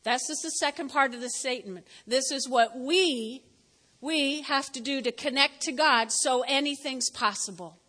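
A woman pastor preaching a lively sermon in a church, talking straight to the congregation and acting out the people in her story. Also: high voice, moderate pace, in a large hall. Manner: lively, talks straight to the congregation, acts out quotes. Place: church sanctuary.

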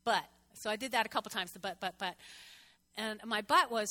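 A woman pastor in her sixties preaching a chatty, animated sermon with asides to the congregation. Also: medium pitch, a little fast.

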